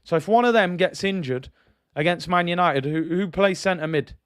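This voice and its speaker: Casting: bloke, fan-channel host, fed-up rant, higher-pitched, dry close mic. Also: male voice, normal speed, clear, resonant tone, no echo. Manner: frustrated, rhetorical questions, reads out viewer comments.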